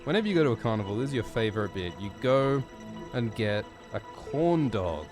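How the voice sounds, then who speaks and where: A man hosting a podcast who improvises a rambling, absurd horoscope in a deadpan storytelling manner. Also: on the low side, brisk. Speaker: podcast host. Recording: music playing underneath. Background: music.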